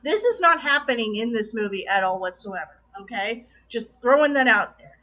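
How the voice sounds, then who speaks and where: A woman talking in a casual video review, passionate and exclamatory, quick to laugh as she vents. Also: a little high, lively intonation, sharp tone. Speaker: film reviewer.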